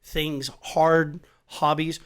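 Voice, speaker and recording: A middle-aged man in casual podcast chat, talking emphatically with lots of swearing and animated storytelling. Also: on the high side, very slow, clean tone.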